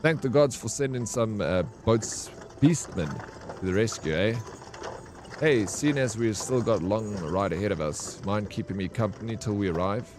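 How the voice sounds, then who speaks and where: A man's voice: on the low side, moderate pace, noisy background, natural voice. Old peddler, male, chatty and folksy, rambling; read aloud by a male streamer. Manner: rambling, folksy, homely talk.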